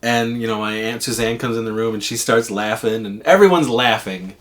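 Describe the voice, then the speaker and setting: A man's voice: on the low side, moderate pace, a bit bright. Casual male storyteller, rambling and loose, swears freely. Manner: rambling, swears, lots of fillers.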